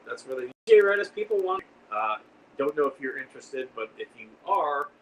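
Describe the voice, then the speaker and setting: A man's voice: mid-range voice, very animated, brisk. Man chatting on a livestream. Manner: rambling, reads and answers viewer comments. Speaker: livestream host. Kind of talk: casual livestream chat. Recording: distant mic with faint background noise.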